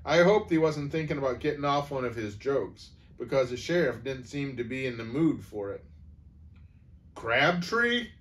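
A man's voice: medium pitch, a little fast, hardly any pauses. A man reading a humorous story aloud, voicing each character in turn.

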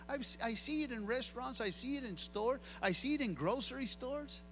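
A middle-aged male pastor preaching an animated sermon, switching between two languages and repeating phrases for emphasis. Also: very high voice, moderate pace, a little hiss or hum. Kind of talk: bilingual sermon.

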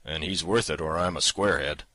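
A man's voice: a bass voice, fairly quick, pushed and bright, no echo, exaggerated voice. A man voicing a coarse saloon keeper who haggles and mocks his partner in an audiobook reading. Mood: bargaining. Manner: demanding, mocking.

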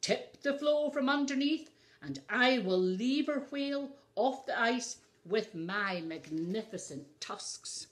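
A woman's voice: lowish voice, wildly swooping pitch, normal speed, few pauses. Boastful male walrus who bellows orders, put on by a woman storyteller. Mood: bossy. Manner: commanding, boastful. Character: booming proud male walrus.

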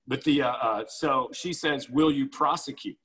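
A man's voice: medium pitch, moderate pace, a bit bright, slightly rough, rough recording. A man co-hosting a podcast, telling a story in a blunt, vengeful way and acting out what people said. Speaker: podcast co-host. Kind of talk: casual storytelling.

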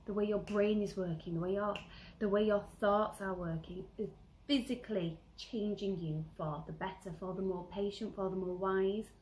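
A woman vlogger giving earnest self-help advice, stressing and repeating key phrases and sometimes dropping to a soft whisper. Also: medium pitch, slight background noise, rough recording. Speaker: lifestyle vlogger. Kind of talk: motivational self-help talk.

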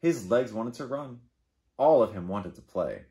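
A man, a children's librarian, reading a picture book aloud to kids in an animated, playful way. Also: mid-range voice, measured pace. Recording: echoey room.

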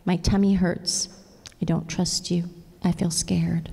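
A woman voicing a small young rabbit who is hurt and confused, speaking in a small hushed voice that rises in distress, heard in a reverberant hall. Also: lowish voice, flat delivery, takes it slowly, creaky, husky, full character voice. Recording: long reverb of a large hall.

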